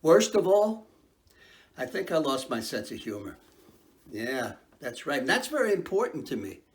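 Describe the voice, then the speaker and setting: A man's voice: mid-range voice, big pitch swings, moderate pace, close to an everyday voice. An actor playing a man who fears he has lost his sense of humor, in a rueful, self-mocking stage monologue.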